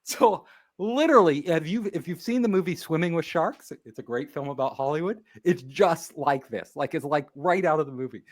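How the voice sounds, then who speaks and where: A man's voice: fairly high pitch, normal speed. A man, a guest on an interview show, telling a story in casual conversation and acting out the people in it. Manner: animated, acts out quoted dialogue.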